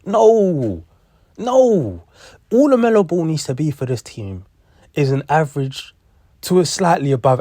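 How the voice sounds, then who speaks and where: A man's voice: on the high side, a little mellow, no echo. A young man, ranting in heated sports commentary, repeating himself and swearing. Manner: heated, repetitive, profane.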